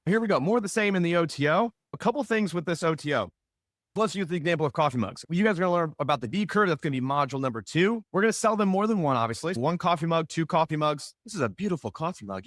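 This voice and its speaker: Energetic man teaching a sales workshop. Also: on the high side, quick pace, no room sound, studio quality. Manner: energetic, joking, swings loud and soft. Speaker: marketing instructor. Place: room with a live audience.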